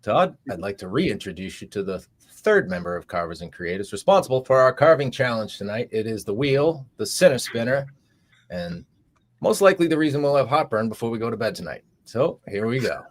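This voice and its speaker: A man's voice: mid-range voice, very animated, brisk. A man with a Boston accent, co-hosting a live online chat over a video call and playfully announcing game rules. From Boston area, US. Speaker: co-host. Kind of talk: casual live stream chat.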